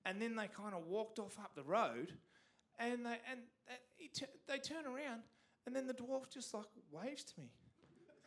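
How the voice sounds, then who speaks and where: A man's voice: very high voice, animated, normal speed, a bit bright. An Australian man telling a rambling, profane stand-up comedy story on a theatre stage.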